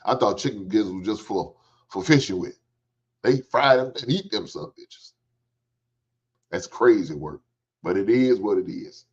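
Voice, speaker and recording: Animated man on a lo-fi livestream. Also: fairly low pitch, normal speed, long pauses, slightly rough. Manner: animated, joking, swears freely. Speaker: livestream host. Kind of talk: casual storytelling chat. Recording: dull lo-fi stream audio.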